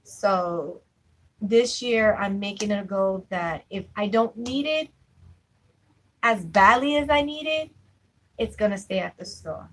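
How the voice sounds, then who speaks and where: A woman's voice: medium pitch, a little slow, poor audio. A young adult woman chatting casually with viewers on a live stream, full of fillers and asides. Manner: chatty, fillers like "you know what I'm saying".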